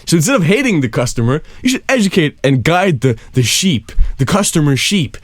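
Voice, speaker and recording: A man riffs in a mock-earnest, rambling way, laughing often. His pitch sits a bit high and swings widely. The sound is dry and close. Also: big pitch swings, brisk, no room sound. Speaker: podcast co-host. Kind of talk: casual comedic banter.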